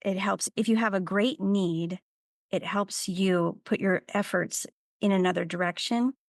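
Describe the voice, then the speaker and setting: A woman co-hosting a podcast who speaks reflectively and agrees warmly with the others. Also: medium pitch, steady tone, measured pace, no room sound, clean studio sound. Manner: reflective, affirming. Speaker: podcast co-host. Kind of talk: casual conversation.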